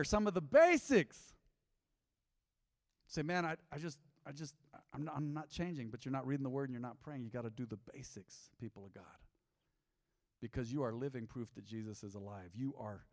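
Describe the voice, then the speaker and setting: A man preaching as a pastor, emphatic, repeating lines and swinging between loud and soft. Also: medium pitch. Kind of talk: sermon. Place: large church hall. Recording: long hall reverb.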